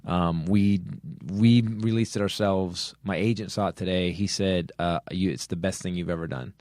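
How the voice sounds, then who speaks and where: A man's voice: low-pitched, steady tone, normal speed, darkish tone, no room sound, clean studio sound. A middle-aged man hosting a comedy podcast, swearing as he rants earnestly with many restarts. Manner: swears heavily, earnest angry rant with restarts. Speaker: podcast host. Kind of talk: comedy podcast chat and rant.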